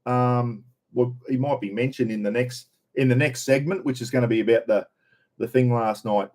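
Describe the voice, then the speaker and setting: A man's voice: medium pitch, steady tone, moderate pace, darkish tone. A middle-aged Australian man from Queensland hosting a livestream, chatting casually and answering viewer comments in a rambling, jokey, blokey way. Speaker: livestream host.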